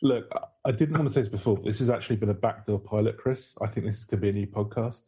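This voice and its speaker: A man co-hosting a podcast in casual comedic chat, excitable and rambling with many restarts. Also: fairly low pitch, fast, husky. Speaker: podcast co-host.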